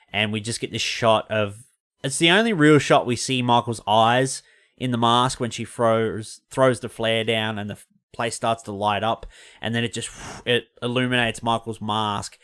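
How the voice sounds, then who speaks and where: Smooth low-voiced man reviewing a film. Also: a bit bright. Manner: loose and rambling, corrects himself mid-sentence. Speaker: podcast host. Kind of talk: casual film review chat.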